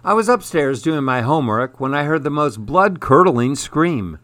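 A man calmly reading a children's storybook aloud. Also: on the high side, normal speed, no echo. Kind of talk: storybook narration.

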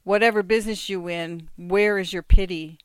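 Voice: medium pitch, steady tone, moderate pace, smooth, no echo, natural voice. A reader voicing a poor, desperate old man, pleading in broken word order. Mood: begging.

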